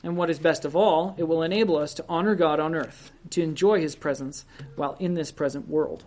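Slow, earnest preacher delivering a sermon. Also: mid-range voice, a little mellow. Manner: earnest, exhorting, addresses listeners directly.

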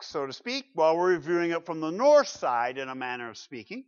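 A man preaching a sermon in a church, swinging from loud emphatic declarations to low asides and asking the congregation rhetorical questions. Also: sing-song, normal speed, clear, resonant tone, no echo, dull audio. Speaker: pastor.

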